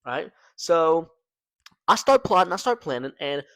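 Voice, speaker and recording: Young male storytelling vlogger, animated slangy delivery, dry close sound. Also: on the high side, measured pace, smooth, no room sound. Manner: slangy, animated, fillers like "man" and "right?". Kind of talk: casual storytelling to camera.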